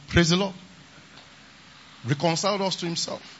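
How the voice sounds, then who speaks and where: Pastor preaching, high husky voice, keeps saying praise the lord, dull lo-fi recording. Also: male voice, moderate pace, long pauses, fairly bright tone. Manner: emphatic, repeats "praise the Lord". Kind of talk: sermon. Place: large conference hall.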